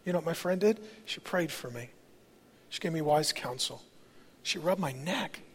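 A man's voice: fairly high pitch, expressive, moderate pace, breathy edge. A pastor in his forties, a man, preaching a sermon with candid, conversational personal stories in a large church auditorium. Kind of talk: storytelling sermon. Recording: long reverb of a large hall.

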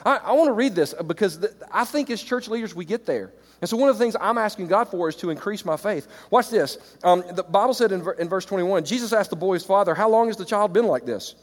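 A middle-aged man preaches to church leaders in an animated way, jumping from loud exclamations to quiet, reflective passages. His voice sits a little high for a man. The sound carries a long reverb, as in a large auditorium. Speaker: pastor. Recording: reverberant hall.

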